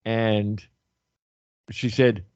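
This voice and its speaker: An older man hosts a casual talk show, wandering through his thoughts and circling back on his words. His voice sits low and mellow. The recording is dull, dry and lo-fi. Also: level tone, very slow, clean tone, no room sound. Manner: rambling, repeats words, trails off. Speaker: host.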